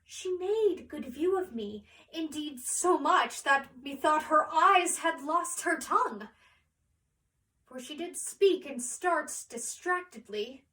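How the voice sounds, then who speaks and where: A young woman performing Viola, a lovesick young woman disguised as a man, delivering a Shakespeare monologue in measured, musing verse. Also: high-pitched, expressive, sharp tone, distant mic, voice pushed up, full character voice. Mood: troubled, musing.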